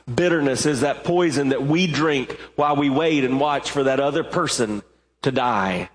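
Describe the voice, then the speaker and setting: A male pastor delivers an emphatic sermon, firing off rhetorical questions and doubling words as he presses a point. His voice sits a little high for a man. A long reverb trails each phrase across the church sanctuary.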